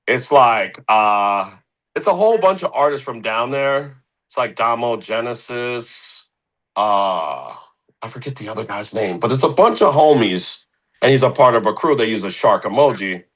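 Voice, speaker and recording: A man's voice: mid-range voice, expressive, normal speed, fairly bright tone, poor audio. A young man from the Philadelphia area, a guest musician in a casual interview, rambling with slang and lots of fillers.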